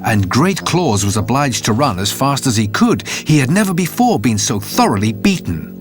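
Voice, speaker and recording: A man reading a fairy tale aloud in an expressive, measured way, with faint music behind. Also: mid-range voice. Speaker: narrator. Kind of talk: storybook narration.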